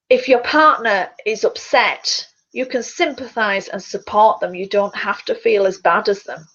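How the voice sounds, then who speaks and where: A woman, a fitness coach, chatting casually to her webcam from a small quiet bedroom, rambling a little and stumbling over words. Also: medium pitch. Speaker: fitness coach and public speaker. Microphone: computer mic on a video call. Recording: dull lo-fi webcam audio.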